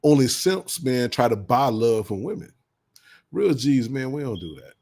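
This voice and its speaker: A man's voice: mid-range voice, big pitch swings, normal speed, a little mellow, breathy edge. Blunt slang-heavy man lecturing. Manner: blunt, preachy, heavy slang, repeats insults with bursts of laughter. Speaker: commentary vlogger. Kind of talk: casual advice monologue.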